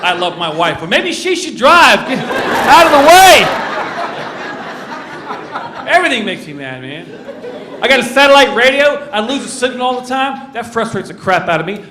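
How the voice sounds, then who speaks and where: Mock-grumpy fifty-something stand-up comedian. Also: male voice, high voice, animated. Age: 50s. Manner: mock-grumpy, crowd work, acts out quick voices. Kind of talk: stand-up set to a live audience. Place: corporate event venue. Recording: roomy venue with audience noise. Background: audience laughing.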